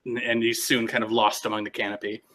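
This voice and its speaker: A man's voice: fairly low pitch, little pitch movement, quick pace, bright, forceful tone. A man narrating a tabletop role-playing game as game master, in a loose, casual way with frequent restarts.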